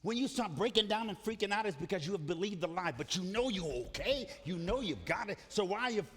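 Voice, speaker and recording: A man's voice: sits high, animated, quick pace, a bit bright, slightly rough. A man preaching a sermon in a church, emphatic and calling on the congregation to repeat his phrases. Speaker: pastor. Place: church sanctuary. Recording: reverberant church hall.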